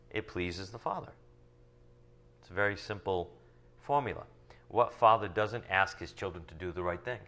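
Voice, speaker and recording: A man teaching from the Bible, reading verses slowly and then explaining them in casual asides full of rhetorical questions. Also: on the low side, sharp tone. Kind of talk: sermon teaching from scripture.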